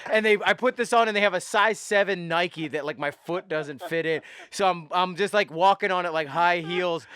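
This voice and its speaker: A man's voice: high-pitched, normal speed, a crowd in the background. A man hosting a podcast, telling a rowdy tour story in a loose, profane, laughing way with lots of restarts. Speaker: podcast host. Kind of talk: casual storytelling chat.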